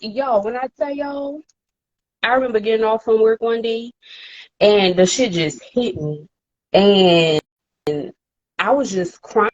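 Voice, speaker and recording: A woman tells a personal story in a casual podcast chat, swearing and using slang freely. She jumps her voice up high whenever she acts out what someone said. The recording is dry and a little dull. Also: unhurried, no echo. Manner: animated, acts out quotes in a higher voice. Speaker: podcast co-host.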